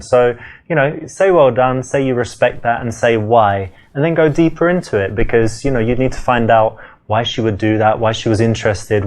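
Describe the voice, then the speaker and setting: A man's voice: medium pitch, a little mellow, natural voice. A man with a London British accent playing a confident dating coach who chats up a date in a video game. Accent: British English, London. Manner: confident, chatty and smooth. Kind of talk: scripted game dialogue and coaching voice-over.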